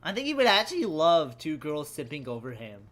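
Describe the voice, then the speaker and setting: A woman's voice: low voice, sing-song, brisk. A young woman streaming a game live, chatting loosely with viewers, cursing often and calling everyone bro. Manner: loose, profane and jokey, addressing chat as bro. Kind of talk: casual live-stream chat.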